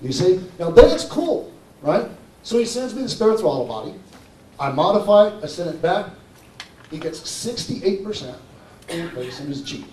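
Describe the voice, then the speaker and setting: A man's voice: sits high, a little mellow, a little hiss or hum. A man giving a live conference talk, persuasive and constantly checking in with his audience. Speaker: conference presenter. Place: conference hall. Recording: roomy hall from far off.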